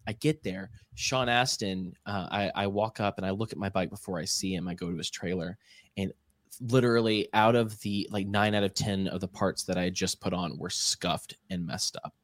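A man casually telling an animated anecdote on a podcast, acting out the people he quotes. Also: low voice, moderate pace, no room sound. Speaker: podcast co-host. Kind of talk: casual storytelling chat.

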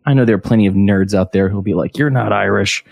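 Deep-voiced American man chatting. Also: steady tone, quick pace, warm tone, dry recording. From United States. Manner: rambling, enthusiastic, lots of fillers and restarts. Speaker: podcast co-host. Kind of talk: casual chat.

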